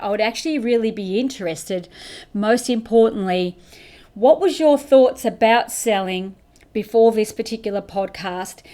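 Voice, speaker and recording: A middle-aged woman hosting a motivational business podcast, talking straight to camera with emphatic rhetorical questions. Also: mid-range voice. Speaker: podcast host and business coach. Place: indoors, facing camera.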